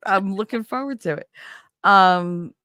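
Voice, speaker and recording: A woman hosting a casual stream chat, telling stories in an animated way and laughing often. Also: medium pitch, measured pace, no echo, studio quality. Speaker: streamer host.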